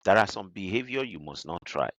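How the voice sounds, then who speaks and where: A man's voice: a little fast, no room sound, highs cut off. A man with a Nigerian accent, a guest on a podcast interview, telling workplace stories animatedly. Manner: animated storyteller who jumps high to act out quoted people.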